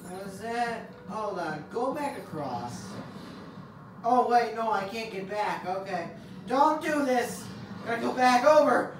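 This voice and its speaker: A woman commentating on her gameplay, excitable, drawling slowly with a lively, swooping pitch. She sounds a bit away from the mic in a very echoey room, with game music playing behind her. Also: distant mic. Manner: excitable, bursts into shouts and laughter. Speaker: let's play gamer.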